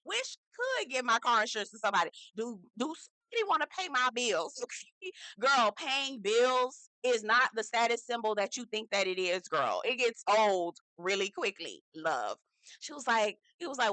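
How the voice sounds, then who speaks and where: Sassy woman with a bright voice recapping TV. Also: fairly high pitch, moderate pace, dry recording. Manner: sassy, animated, talks straight to viewers with frequent "okay?" and "girl". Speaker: reality TV recap host. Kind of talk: casual recap commentary.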